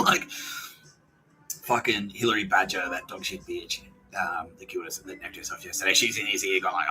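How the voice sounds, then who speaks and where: A low-voiced man rants through a podcast monologue, swearing freely and jumping into quick impressions of other people. His voice has a very bright, sharp and tense edge. Faint music sits behind him. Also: lively intonation, low-quality recording. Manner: profane, ranting, acts out quoted dialogue in brief voices. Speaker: podcast host.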